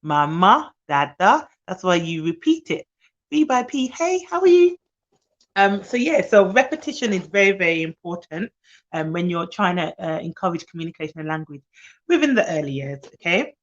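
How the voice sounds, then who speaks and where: Tired, fast-talking woman nanny on a live stream. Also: on the low side, sing-song, highs cut off. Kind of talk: live-streamed advice talk.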